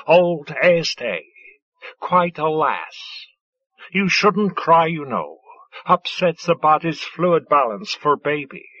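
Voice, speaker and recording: A male narrator voicing a sardonic adult woman who stays calm, ironic and crude under attack. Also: sits low, takes it slowly, no echo, dull audio, exaggerated voice. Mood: mocking.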